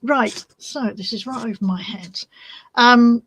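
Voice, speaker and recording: Chatty woman crafter, slow-talking. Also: on the high side, background noise. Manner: chatty, easily distracted, scolds her cat. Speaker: crafting channel host. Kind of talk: casual chat while crafting.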